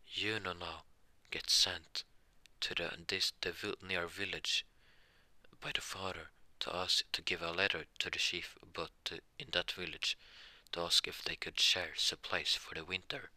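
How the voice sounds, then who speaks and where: A man improvising a fan story narration, halting with frequent restarts and self-corrections. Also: low voice, flat delivery, bright, forceful tone, no room sound.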